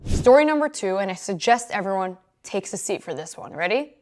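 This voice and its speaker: A young woman hosts her show, delivering scripted commentary with a sassy, opinionated edge. Her delivery is quick and brash, landing each point with attitude. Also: medium pitch, lively intonation, a little mellow. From New York. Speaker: host.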